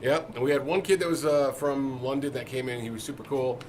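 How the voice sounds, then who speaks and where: Shop co-host: man, casual jokey banter, mid-pitched, with steady background noise. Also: a little fast. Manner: loose, joking, swears casually. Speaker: co-host of a music shop Q&A show. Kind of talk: casual chat. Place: music shop.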